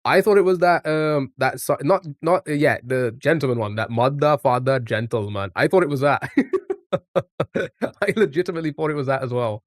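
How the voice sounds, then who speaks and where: A man's voice: on the high side, expressive, normal speed, no echo, studio quality. A man live streaming a music guessing game, chatting casually and reacting to his chat as he plays.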